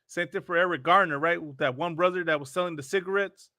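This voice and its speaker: A man's voice: sits high, fast talker, bright, forceful tone, no room sound, clean studio sound. A man hosting a talk show and reacting to videos, with mocking, preachy religious commentary full of repeated phrases.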